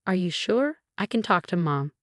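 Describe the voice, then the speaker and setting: A woman's voice: on the low side, sing-song, moderate pace, no echo, studio quality. A woman voicing a cautious, uneasy young husband in a storybook narration, speaking hesitantly.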